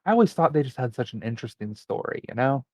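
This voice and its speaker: A man's voice: mid-range voice, sing-song, fast talker, a little mellow, no room sound, poor audio. A man co-hosting a podcast, talking casually and rambling as he looks things up mid-conversation. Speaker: podcast co-host. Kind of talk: casual chat.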